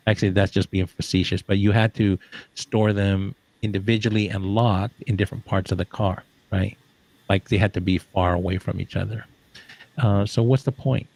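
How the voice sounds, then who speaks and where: Gravelly low-voiced man telling rambling stories. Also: steady tone, normal speed, darkish tone, dry recording. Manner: rambling, joking, trails off with fillers. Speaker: social audio room participant. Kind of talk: casual storytelling chat.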